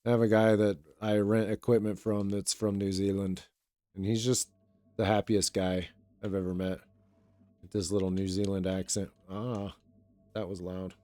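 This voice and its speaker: A young man streaming and chatting casually with viewers in a relaxed, rambling way, his voice a little raw today. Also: fairly low pitch, moderate pace, dry recording. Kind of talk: casual live-stream chat.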